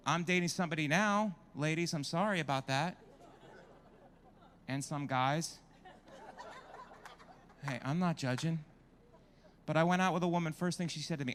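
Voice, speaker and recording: A man's voice: a little high, fairly bright tone, a little hiss or hum. A man doing a stand-up comedy set on a club stage, brash and crowd-working, swearing freely into a handheld mic.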